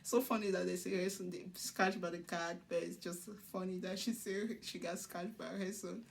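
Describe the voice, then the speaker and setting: A woman with a lowish, gravelly voice recaps a show episode in casual commentary at a moderate pace with fairly even intonation. She laughs often while retelling scenes and acts out the cast's lines as quotes.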